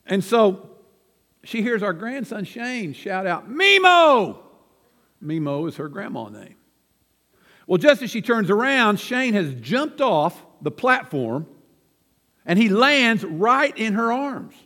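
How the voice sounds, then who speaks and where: A man's voice: sits high, sing-song, slow pace, fairly bright tone, big-room sound. An older man preaching a sermon, telling folksy, self-deprecating family stories from the pulpit in a church. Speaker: pastor. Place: church sanctuary.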